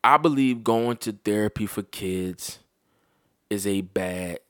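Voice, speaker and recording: A man's voice: lowish voice, takes it slowly, a bit bright, no echo, clean studio sound. A man and parent giving a blunt, heated, profane opinion monologue to his viewers.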